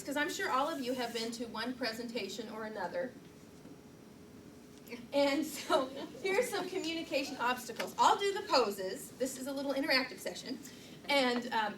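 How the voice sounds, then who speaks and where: Recorded from the back of a meeting room on a distant camera mic, a middle-aged woman working as a public speaking trainer leads a live session. She's chatty and pokes fun at herself, her voice pitched a little high, and the audio is echoey, far-off and layered with noise.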